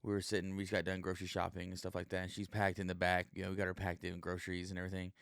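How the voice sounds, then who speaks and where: A man with a low, smooth, resonant voice talks on his own podcast in a loose, meandering way, swearing freely and filling gaps with "uh" and "you know." He sounds like a stand-up comic just shooting the breeze. The recording is close and dry, with no room sound. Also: completely flat delivery, very fast, a bit bright, dry recording. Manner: rambling and profane, heavy with fillers. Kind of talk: casual solo podcast monologue.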